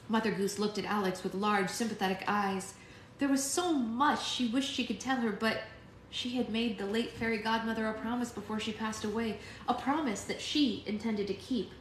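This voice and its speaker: A woman narrating a storybook aloud with a slightly high, steady voice. She reads at an even pace, and the recording sounds echoey, with faint hiss behind her. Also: normal speed. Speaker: read-aloud host. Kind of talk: reading a novel aloud.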